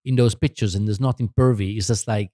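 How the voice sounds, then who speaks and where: A man's voice: lowish voice, fairly even intonation, fast talker, dark tone, no room sound, studio quality. A man with an Italian accent telling a rambling story in a casual podcast chat, laughing and restarting often. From Italy. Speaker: podcast guest, photographer.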